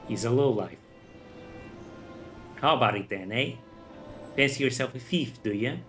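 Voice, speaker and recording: A gruff, streetwise male thief with rough slangy talk, as a man reads him out. He sounds like a street tough sizing someone up. Faint music hums behind the voice. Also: medium pitch, animated, a little slow, a bit bright. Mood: sly.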